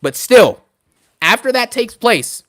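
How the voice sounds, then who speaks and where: A young man ranting casually on a live stream about wrestling, fast and animated, full of slang and fillers. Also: extremely high pitch.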